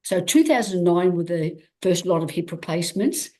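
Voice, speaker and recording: Speaking at normal speed in a lowish voice, this Australian woman is a guest athlete in an interview. She relates her story candidly, with animated performances of quoted dialogue and lots of restarts.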